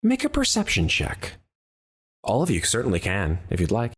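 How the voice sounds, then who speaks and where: A man's voice: lowish voice, huge pitch swings, normal speed, fairly bright tone, breathy edge. A man narrating a tabletop role-play game as the dungeon master, calling for dice checks and describing scenes.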